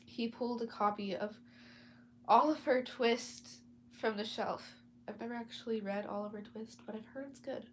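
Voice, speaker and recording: A woman's voice: fairly high pitch, fairly even intonation, normal speed, slight background noise. A woman casually reading a novel aloud, stumbling over words and breaking off for chatty asides. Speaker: storyteller.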